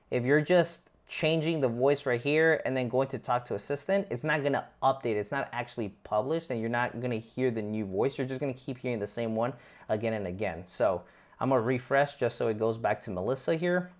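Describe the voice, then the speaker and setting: A man hosts a casual screen-recorded tutorial with a mid-range voice. He talks in quick, informal bursts and often restarts his phrases as he narrates what he is clicking. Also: mid-range voice. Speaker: tutorial host. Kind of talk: casual software walkthrough.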